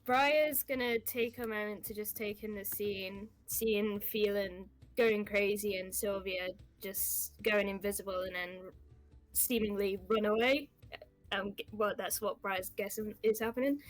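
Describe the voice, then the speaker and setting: A woman narrating her character's actions in a tabletop game, halting, with frequent giggles and fillers. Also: mid-range voice, steady tone, faint music behind.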